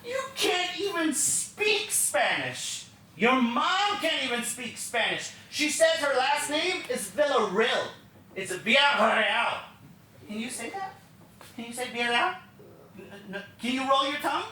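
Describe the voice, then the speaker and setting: A cruel, sneering stepmother, as a man puts her on in a one-man stage show, her voice pitched high and swinging wildly as she taunts and builds to shouting. It is heard in a roomy theatre from a distance, with faint noise under it. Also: sing-song, a little slow, full character voice. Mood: taunting. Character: cruel mocking stepmother, adult woman.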